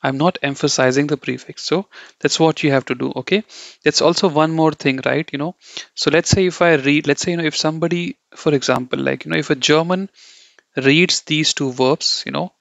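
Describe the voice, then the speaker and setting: A man's voice: a little high, steady tone, a little fast, vocal fry, a bit bright, no room sound. A man teaching German grammar in a loose, repetitive way, often checking in with "okay" and correcting himself as he goes. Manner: loose, repetitive, says "okay" and "you know" a lot; corrects himself mid-sentence. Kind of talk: explaining grammar to learners. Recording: dull, dry lo-fi audio.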